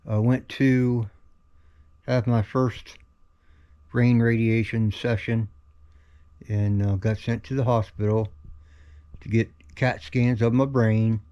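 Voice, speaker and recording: A very tired middle-aged man giving a halting, slow home video update, stumbling over words and yawning. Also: mid-range voice, little pitch movement, dark tone, dull audio. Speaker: vlogger sharing his cancer journey. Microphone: camera held in his own hand.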